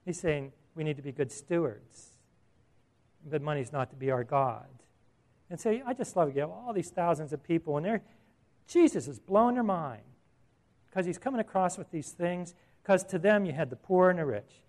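A man's voice: a little high, lively intonation, normal speed, darkish tone. A man preaching a sermon in a conversational way, asking the audience questions and chuckling at his own asides.

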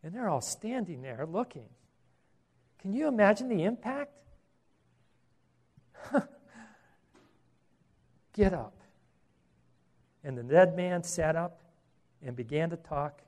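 A man's voice: a little high, very animated, unhurried, pauses often, darkish tone. A man preaching a sermon, earnest, with repeated words and rhetorical questions.

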